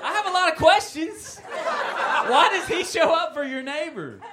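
A comedian doing quick, teasing crowd work with someone in the audience. The crowd is loud and the recording is noisy. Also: very high voice, expressive. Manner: teasing, quick back-and-forth with an audience member.

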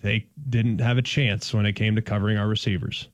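A man's voice: fairly low pitch, brisk, no room sound, highs cut off. Guy cohosting sports radio, playful and emphatic, dry close sound. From Dallas-Fort Worth, Texas. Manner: animated, playful, emphatic storytelling. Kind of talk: casual sports talk.

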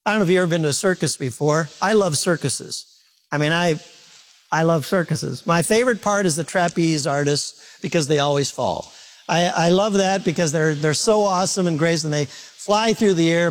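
A man preaching a sermon to a congregation, talking to them directly with questions and joking about himself. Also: high-pitched. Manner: self-mocking humorous asides. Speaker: pastor. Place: church service before a congregation.

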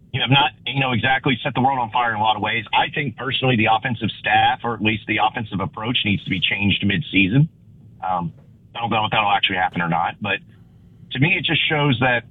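A hoarse man, recovering from losing his voice, calling into a sports talk show as a guest analyst, bluntly exasperated and stumbling into restarts. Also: medium pitch, no echo. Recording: tinny phone line.

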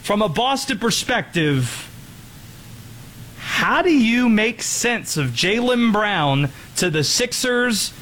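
A man's voice: sits high, a bit bright, a little hiss or hum, low-quality recording. Teasing sports radio man. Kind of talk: sports talk banter. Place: radio studio.

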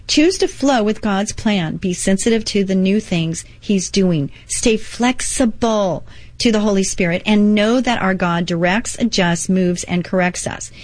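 A woman's voice: medium pitch, measured pace, a little mellow. A middle-aged woman hosting a Christian inspirational radio talk show, earnest and encouraging, mixing devotional readings with personal asides.

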